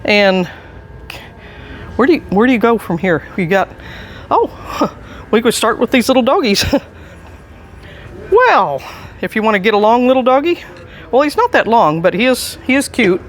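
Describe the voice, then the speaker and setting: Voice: mid-range voice, big pitch swings, unhurried, pauses often, slight background noise. A chatty, enthusiastic staff member giving a casual walking tour indoors in a large antiques mall. They chuckle often and are recorded on a handheld camera while walking.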